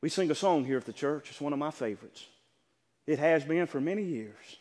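A man preaching from the pulpit, his fairly high voice rising to fervent peaks and dropping to near-whispers. The sanctuary lends his words a long, lingering reverb. His delivery is dynamic and heartfelt. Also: lively intonation, fairly quick. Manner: dynamic preaching, swinging from loud to hushed. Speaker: pastor. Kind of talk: sermon. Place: church sanctuary. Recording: church hall reverb.

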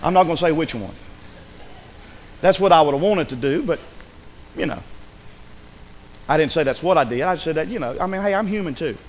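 A man preaching a sermon as pastor, telling a story with fervour, dropping to a hush and then rising to a shout. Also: fairly high pitch, expressive, brisk, pauses often, slight background noise. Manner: fervent storytelling, swings between hushed and shouted. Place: church sanctuary. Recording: echoey hall with faint ambience.

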